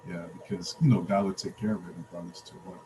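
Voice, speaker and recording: A man's voice: low voice, level tone, fast talker, background noise. A man joining a video call discussion, speaking hesitantly with many ums and restarts. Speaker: call participant.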